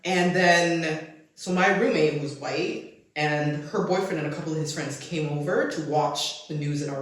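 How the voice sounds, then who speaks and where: Animated woman storyteller in an echoey room. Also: on the low side. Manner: animated storyteller, heavy "like" filler. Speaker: podcast co-host. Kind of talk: casual chat.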